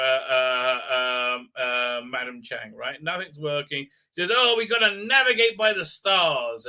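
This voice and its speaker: A man's voice: medium pitch, sharp tone. A man hosting a live stream, recapping an episode in a sarcastic, rambling way with many fillers. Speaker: host.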